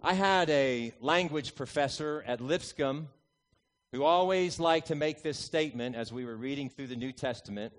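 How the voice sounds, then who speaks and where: A man in his forties, a pastor, preaching a sermon that opens with a humorous personal story, told with lively, punchy emphasis. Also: medium pitch, moderate pace. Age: 40s.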